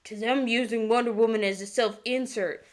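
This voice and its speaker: A woman's voice: on the high side, fairly even intonation, moderate pace, lightly acted. A young woman mocking a smug male writer as a whiny, edgy kid in a vlog rant. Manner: mocking, sneering.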